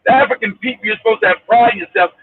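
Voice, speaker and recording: A man calling in as a guest talks brashly and profanely, often breaking into laughter. His voice is very high and husky. It comes over a tinny, dry phone line. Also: fairly even intonation, rapid-fire, no room sound. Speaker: call-in guest. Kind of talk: casual heated chat.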